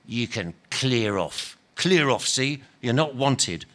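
A man's voice: medium pitch, lively intonation, slow pace, a bit bright. A man reading aloud and voicing a bitter, self-righteous male ghost who insists on his rights in blunt, ungrammatical speech. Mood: indignant. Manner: indignant, insistent, ungrammatical working-class talk. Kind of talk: dramatic reading of a novel.

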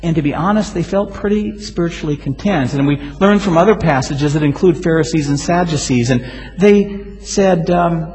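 A male pastor preaching a sermon, telling stories with lively swings and sudden loud exclamations. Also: on the high side, moderate pace. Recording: hall reverb.

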